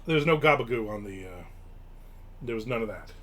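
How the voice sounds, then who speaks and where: A man's voice: lowish voice, lively intonation, normal speed, fairly bright tone. A man from Newark, hosting a live stream and telling rambling, casual stories with offhand swearing. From Newark, New Jersey. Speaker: show host.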